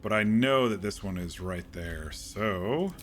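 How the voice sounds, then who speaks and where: A man casually commenting while playing a video game, muttering plans to himself with sudden excited outbursts. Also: on the low side, takes it slowly. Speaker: gaming channel host.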